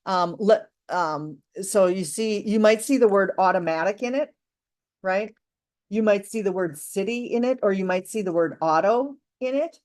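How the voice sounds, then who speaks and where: A woman teaching an online English lesson, slow and deliberate, encouraging her students. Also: mid-range voice, darkish tone. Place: live online class.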